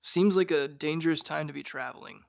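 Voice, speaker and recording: A man co-hosting a book podcast talks in a relaxed, easygoing way. His voice is gravelly and a little high. The recording is dry and a bit dull in tone. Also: a little fast, no echo. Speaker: podcast co-host. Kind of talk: casual book-discussion chat.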